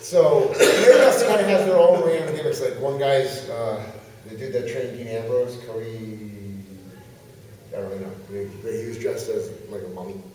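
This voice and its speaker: Man telling a lively story in an echoey hall. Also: medium pitch, normal speed, a crowd in the background. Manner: lively, laughing as he tells the story. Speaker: pro wrestler guest. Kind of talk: animated storytelling. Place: large convention hall. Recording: echoey hall picked up from far off.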